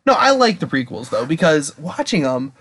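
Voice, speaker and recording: A man's voice: fairly high pitch, sing-song, moderate pace, fairly bright tone, husky. A young man co-hosting a podcast, talking in a casual, profane, rambling way. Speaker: podcast co-host.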